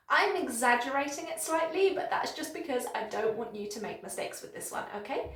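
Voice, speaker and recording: A woman English teacher speaks to camera in a slightly high voice, carefully exaggerating each word as she models it for learners. She keeps an encouraging, upbeat teaching manner throughout. The sound carries a noticeable echo from the room around her. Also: expressive, fairly bright tone. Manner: slow, exaggerated modelling of words with encouraging praise. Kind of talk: pronunciation lesson to camera.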